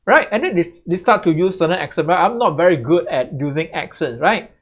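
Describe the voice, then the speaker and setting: An English tutor gives exam tips to camera in a chatty style, tagging sentences with "right?" to check in. He speaks fairly quickly with a fairly high pitch and lively intonation, in slightly muffled lo-fi audio.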